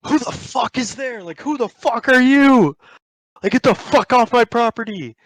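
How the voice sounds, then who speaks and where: A man voicing an angry, threatening middle-aged stepdad who swears as he yells. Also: very high-pitched, moderate pace, no echo, voice pushed up. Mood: furious. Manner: shouting, threatening, profane.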